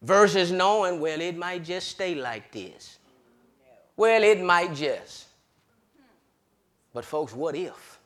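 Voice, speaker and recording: Fervent high-pitched preacher man. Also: animated, slow, long pauses. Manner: fervent, swinging from loud hollering to low murmurs, laughs often. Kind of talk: sermon.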